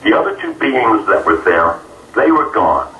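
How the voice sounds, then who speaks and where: A man being interviewed, telling a personal story in an earnest, halting way with many fillers. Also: fairly low pitch, very animated, pushed and bright. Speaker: interview guest. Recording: roomy, distant mic, faint noise.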